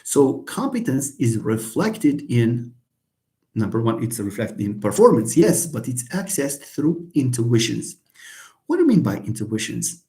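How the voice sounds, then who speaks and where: Animated man giving a linguistics lecture. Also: medium pitch, a little slow. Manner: animated, acts out examples, many fillers and restarts. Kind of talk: university lecture.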